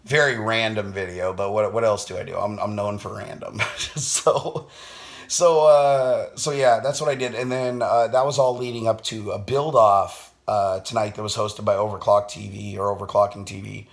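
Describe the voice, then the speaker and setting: A tired man recapping his weekend in a casual vlog, blunt and quick to swear. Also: on the low side, fairly even intonation, gravelly. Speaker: vlogger.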